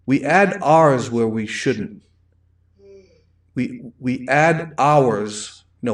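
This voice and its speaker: Reading viewers' comments aloud between meandering tangents, a middle-aged host with a heavy Rhode Island accent runs a laid-back live wine stream. His voice is medium-pitched and recorded from a distance.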